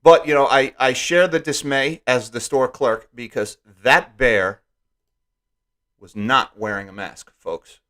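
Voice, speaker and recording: Male streamer, mid-pitched, wry, jokey, easygoing casual talk. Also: takes it slowly, sharp tone. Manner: wry and joking, lots of asides. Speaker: live stream host. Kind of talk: casual joking live stream commentary.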